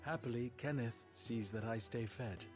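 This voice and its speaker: A man voicing a soft-spoken, overly polite male caretaker in a fantasy video game. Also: mid-range voice, normal speed, natural voice. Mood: gentle. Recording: game audio with music behind.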